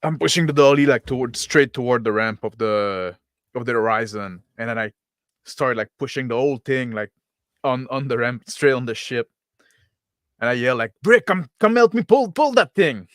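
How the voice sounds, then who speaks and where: Smooth-voiced casual male player. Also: medium pitch, fairly even intonation, normal speed, fairly bright tone, no room sound, studio quality. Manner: casual, filler-heavy with "like". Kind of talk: in-character tabletop roleplay.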